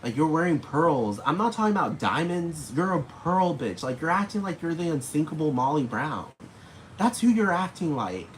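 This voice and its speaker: A man's voice: fairly high pitch, big pitch swings, normal speed. A man ranting casually and at length, rambling and swearing, talking straight at the people he's calling out. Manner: rambling, profane, talks straight at his targets. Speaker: vlogger. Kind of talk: casual rant to camera. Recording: noisy background hiss.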